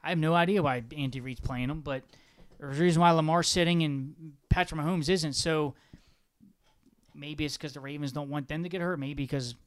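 A man co-hosting a casual sports podcast, rambling and excitable. His voice sits a little high for a man, and it leaps higher whenever he gets animated. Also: normal speed. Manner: excitable, rambling, pitch jumps when animated. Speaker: podcast co-host.

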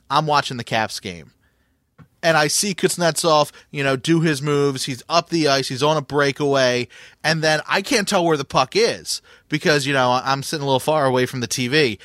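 A man's voice: mid-range voice, a bit bright, dry recording, clean studio sound. A man co-hosting a podcast, telling a story in casual chat, with many fillers and restarts. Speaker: podcast co-host.

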